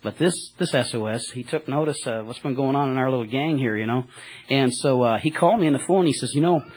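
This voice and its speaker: A man, a cab driver, telling a rambling, excited testimony to a church group, full of fillers and restarts. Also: mid-range voice, fast, breathy edge, poor audio.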